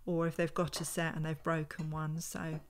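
A woman's voice: low-pitched, completely flat delivery, normal speed. A woman, a vintage homeware reseller, chatting unhurriedly at home in a casual show-and-tell vlog and thinking aloud as she handles items.

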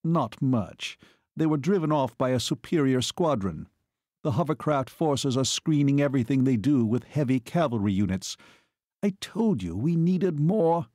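A man's voice: medium pitch, lively intonation, moderate pace, warm tone, dry recording, clean studio sound, voice pushed up, close to an everyday voice. A man playing a sulky young officer. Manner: petulant, sulky. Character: sulky young male officer, the baron's son.

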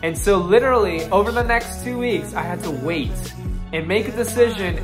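A man's voice: high-pitched, normal speed. Young man telling a story over music. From New Jersey. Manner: animated, acts out phone calls, many "like"s. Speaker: vlogger. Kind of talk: reading an essay, then casual storytelling. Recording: clear music bed behind the voice.

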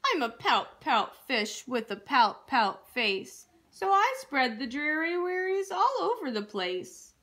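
A woman's voice: high voice, big pitch swings, slow pace, hardly any pauses, a bit bright, full character voice. A woman voicing a gloomy male fish in a children's storybook, chanting his mopey refrain in a sing-song way. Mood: glum.

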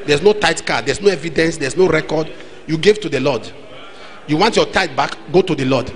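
A man's voice: fairly high pitch, brisk, low-quality recording. A man with a Nigerian accent preaching a sermon as pastor, acting out the voices in his stories. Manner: animated, acts out dialogue, shifts between loud and soft. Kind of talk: sermon with acted anecdotes.

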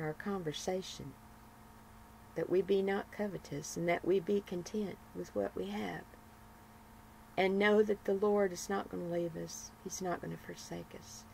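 A woman reading a morning devotional as a sermon, with measured phrasing and emphatic repetitions. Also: medium pitch, creaky, darkish tone, a little hiss or hum, rough recording. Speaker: devotional broadcaster.

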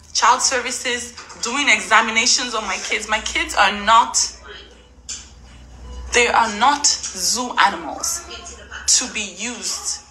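A woman's voice: mid-range voice, bright, forceful tone, low-quality recording. A young woman from Africa venting to her camera, indignant and emotional, repeating herself as her voice breaks. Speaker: vlogger. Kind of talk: emotional direct-to-camera rant.

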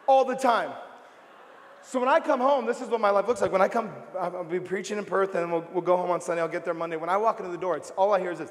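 A man, preaching a lively, comic sermon and telling stories in an animated way. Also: sits high, quick pace. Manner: animated storytelling with comic voices. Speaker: pastor, guest preacher. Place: large church auditorium. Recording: reverberant hall.

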